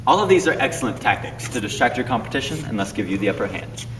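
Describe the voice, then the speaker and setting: A young man performing a scripted comedic duet, explaining stage tricks in a deadpan, instructional way. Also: mid-range voice, quick pace. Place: classroom. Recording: echoey room, distant mic, faint noise.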